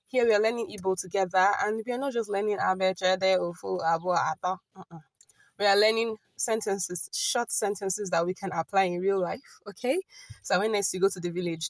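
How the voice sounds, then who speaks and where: A woman teaching a casual online lesson, chatty and often checking in with "okay?", slowing down to repeat phrases carefully. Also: medium pitch, no echo. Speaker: language teacher.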